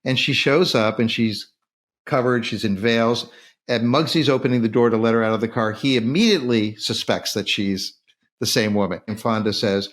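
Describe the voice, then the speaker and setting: Excitable male film podcast host. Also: mid-range voice, moderate pace. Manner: enthusiastic, acts out quoted lines. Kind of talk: casual film discussion.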